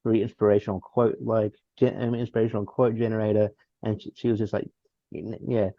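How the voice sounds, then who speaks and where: Gravelly man rambling through a movie review. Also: fairly low pitch, little pitch movement, fast talker, no room sound. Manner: rambling with many restarts and laughs. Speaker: podcast co-host. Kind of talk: casual film review chat. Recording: dull dry lo-fi sound.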